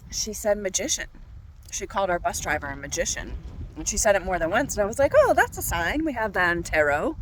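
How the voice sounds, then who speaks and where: A woman's voice: lowish voice, lively intonation, quick pace, a bit bright, a little hiss or hum, poor audio. A woman tarot reader talking to her viewers outdoors on a walk, bubbly and gushing. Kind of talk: tarot reading vlog outdoors. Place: outdoors on a walk by a golf course.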